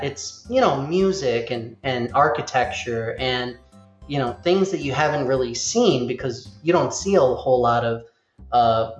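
A man hosting a casual chat, rambling along and acting out quotes as he goes. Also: mid-range voice. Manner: rambling, animated, acts out quotes. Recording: roomy, slightly dull sound with faint music.

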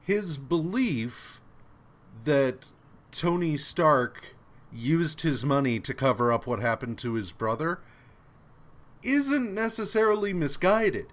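Man, podcast co-host, exasperated rant, unhurried delivery, animated pitch. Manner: exasperated, ranting, swears freely. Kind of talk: casual chat.

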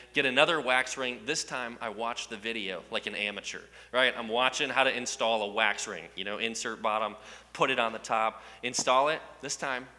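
A man telling a funny story to a live audience, animated and self-mocking, often turning to ask the crowd questions. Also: mid-range voice, long reverb tail. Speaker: speaker addressing a live audience.

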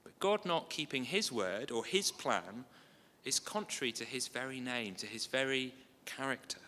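A man preaches with a bright, forceful tone and an easy, conversational manner. He drops in small asides and light humour between readings. His voice rings with a long reverb, as if in a large hall. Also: mid-range voice, expressive, moderate pace, a little hiss or hum. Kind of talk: sermon.

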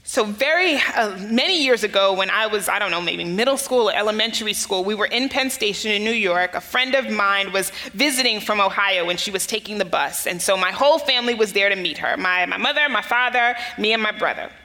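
Preaching in a hall with long reverb, this US woman pastor talks a little fast and animatedly at medium pitch, barely pausing, her voice pushed and bright. Her sermon is a personal story told earnestly, with emphasis climbing on key phrases.

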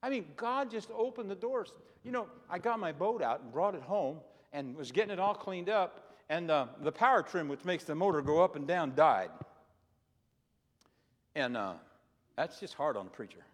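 Preaching with lively intonation at a moderate pace, this man in his sixties, a retired pastor, has a somewhat high voice. He tells personal stories earnestly and keeps repeating words, all inside the long echo of a big hall.

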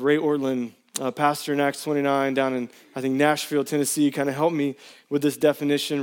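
A man in his thirties preaching a sermon to his church, telling personal stories in a casual, animated way. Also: on the high side, fairly quick. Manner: storytelling, animated, casual slang. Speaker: pastor.

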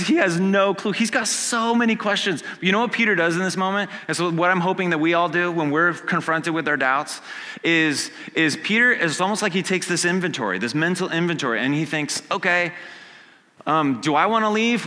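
A man preaching a casual, conversational sermon. He acts out quotes and swings from hushed to loud. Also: high-pitched, long reverb tail. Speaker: pastor. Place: church sanctuary.

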